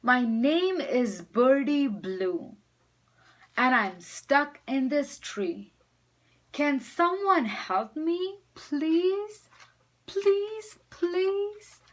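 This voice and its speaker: Lady doing a tiny bluebird in a storybook, high and begging, drawn out slow. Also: animated. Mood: pleading. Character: small pleading bluebird stuck in a tree.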